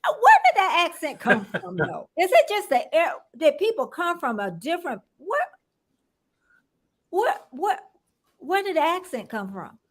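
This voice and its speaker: A woman's voice: very high voice, huge pitch swings, measured pace. An older woman from Florida hosting a casual livestream, chatting with a guest and greeting viewers by name with frequent laughter. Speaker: livestream host.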